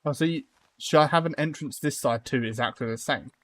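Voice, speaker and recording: A man's voice: medium pitch, brisk, a bit bright. A young man live-streaming a building game, chatting casually with viewers and rambling through lots of fillers and restarts.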